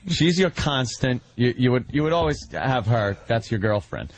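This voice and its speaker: A man's voice: medium pitch, sing-song, moderate pace. A male radio host teasing a guest, laying out a scenario step by step with a laugh. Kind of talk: radio banter.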